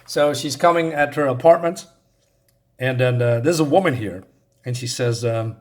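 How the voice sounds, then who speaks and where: A man's voice: mid-range voice, moderate pace. A man casually walking through a comic book in a review, hesitant with many fillers, and openly enthusiastic about the art and the pacing.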